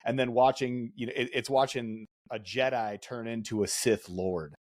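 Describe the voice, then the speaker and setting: A man's voice: mid-range voice, fairly even intonation, moderate pace, a little mellow, no echo. Joking man hosting a podcast, dry sound. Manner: self-deprecating, joking. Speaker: podcast host. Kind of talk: casual chat.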